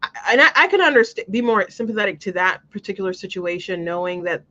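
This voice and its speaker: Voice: mid-range voice, lively intonation, fast talker, bright, forceful tone, dull audio. A show host talking casually in an earnest, rambling way, with many restarts. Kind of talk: casual commentary monologue.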